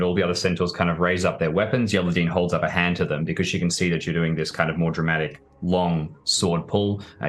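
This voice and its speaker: A man narrating a tabletop role-playing game as game master. He describes the scene in detail, often pausing on fillers. His voice is very low and deep.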